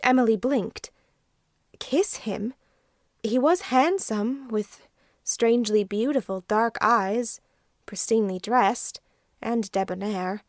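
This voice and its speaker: A woman narrating an audiobook in a measured, unhurried reading. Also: a little high, dry recording, studio quality. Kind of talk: scripted narration.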